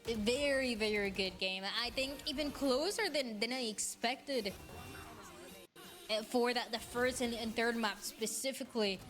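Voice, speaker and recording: A female esports analyst who breaks down the match in a measured, searching way. Her voice is slightly high, with faint music running behind. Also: a bit bright.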